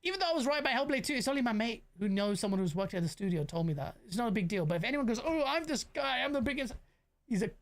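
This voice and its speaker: A young British man with London slang, hosting a casual gaming reaction stream, animated and rambling as he banters with his chat. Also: high voice, racing, few pauses. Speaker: gaming commentator host.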